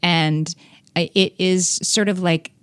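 Woman podcast host, casual chat, laughs a lot, lowish voice, dry close mic. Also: steady tone, slow, smooth, no room sound. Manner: chatty, self-deprecating, laughs often.

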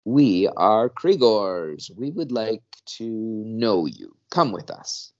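A man's voice: on the low side, big pitch swings, takes it slowly, lo-fi sound, voice pushed up, heavily acted. A man voicing a cold, clinical alien that treats others as objects, speaking in a detached, formal way. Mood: coolly curious. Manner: detached, formal, matter-of-fact.

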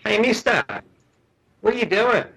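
A man's voice: high voice, normal speed, vocal fry, a bit bright, slightly rough, voice pushed up, exaggerated voice, rough recording. A man voicing a blunt, forward boy in his early teens, direct and challenging, in a spoken anecdote.

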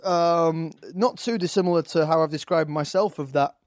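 A man's voice: on the high side, moderate pace, darkish tone, no echo, clean studio sound. A man with an English accent, a guest talking casually on a podcast, hesitant with fillers and restarts. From England. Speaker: actor guest.

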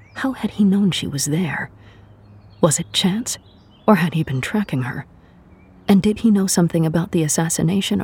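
A narrator reading a scripted audio drama in a steady storytelling voice, giving every character a voice. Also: mid-range voice, husky.

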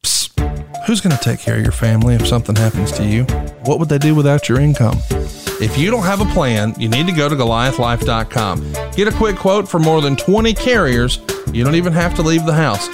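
A man's voice: medium pitch, animated, a little fast. A man reading a scripted insurance ad with an urgent, pushy sales delivery. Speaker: ad announcer. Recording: voice over loud music bed.

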